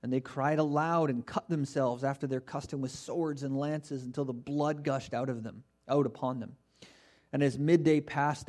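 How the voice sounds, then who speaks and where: A man's voice: on the high side, darkish tone. A male pastor preaching a sermon, reading scripture and mocking the false prophets with humorous asides.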